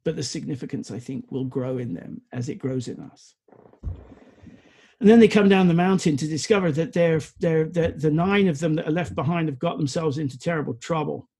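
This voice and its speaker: A man preaches a sermon with earnest conviction, sometimes restarting his sentences. His voice is husky and sits fairly high for a man. He moves from lively passages to quiet, reflective ones. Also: fairly quick.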